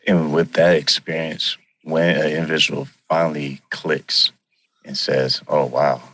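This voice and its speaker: Very deep-voiced man asking questions. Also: flat delivery, a bit bright, a little hiss or hum, low-quality recording. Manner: halting, rephrases questions mid-sentence. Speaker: podcast host. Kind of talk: interview questions.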